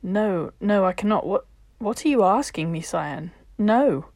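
Brief: woman reading anxious young man in a storybook, soft and pleading, dry close sound. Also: medium pitch, lively intonation, a little slow, no echo. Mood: distressed.

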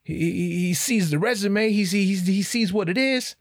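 A man's voice: high-pitched, moderate pace, dry recording, clean studio sound. A man hosting a podcast in a casual, rambling monologue, profane and self-mocking. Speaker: podcast host. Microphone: podcast headphones and mic.

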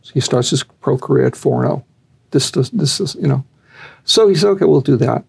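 A man's voice: animated, fairly quick, gravelly, slightly rough. A man telling a long story animatedly, raising his voice when he acts out what others said. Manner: acts out quotes with raised pitch.

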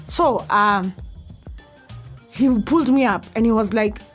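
A young woman with a fairly high voice tells her own story, candid and intense. She sinks into hushed tones at the frightening parts. Soft music plays faintly behind her. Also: measured pace. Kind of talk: personal storytelling.

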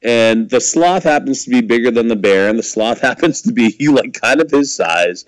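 A man's voice: medium pitch, expressive, moderate pace, dry recording, rough recording. A man co-hosting a podcast, rambling and laughing a lot as he swears his way through casual wrestling chat. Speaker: podcast co-host.

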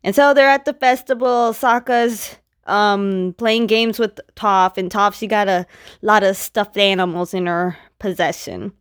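A woman's voice: mid-range voice, fairly even intonation, unhurried, smooth. A woman casually recapping a comic book story, chatty and full of filler words. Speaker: reviewer retelling a story.

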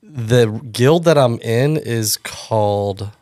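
A man's voice: medium pitch, slow, a little mellow, dry recording, studio quality. A man from South Florida, a pastor co-hosting a podcast, easygoing and enthusiastic in casual chat, with many fillers.

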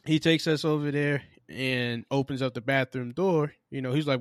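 A man's voice: medium pitch, fairly even intonation, normal speed, no room sound, clean studio sound. A man co-hosting a podcast, telling a work story in casual chat, cursing freely and acting out both sides of an argument. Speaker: podcast co-host.

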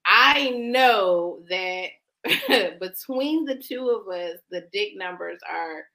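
A woman's voice: mid-range voice, lively intonation, takes it slowly, creaky, bright, forceful tone, poor audio. A woman co-hosting a podcast, talking in a blunt, brash, joking way. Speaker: podcast co-host. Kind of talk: casual chat.

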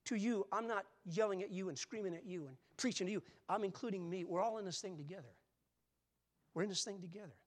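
A man in his seventies preaching a sermon, moving from quiet, conversational asides to loud, emphatic calls. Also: high-pitched. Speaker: pastor.

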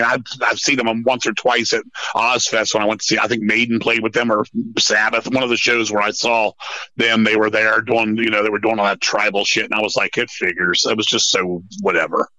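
A man's voice: medium pitch, no echo, rough recording. A man in his fifties telling blunt, profane stories in a casual podcast chat. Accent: American. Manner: profane, blunt, animated storyteller. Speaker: guest musician.

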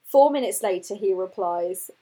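A woman's voice: medium pitch, animated, moderate pace, dark tone. A woman, a podcast host, chatting casually and telling a dating story, reading out text messages as she goes. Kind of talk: casual chat.

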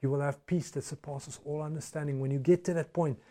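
A man preaching a morning sermon, emphatic and swinging between loud and soft passages. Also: a little high, fairly even intonation, fairly quick. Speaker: pastor.

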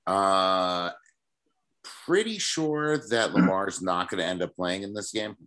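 A man co-hosting a casual sports betting chat in a lowish voice. He ribs the others with a dry, deadpan concern and gives his picks plainly. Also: takes it slowly. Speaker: podcast co-host.

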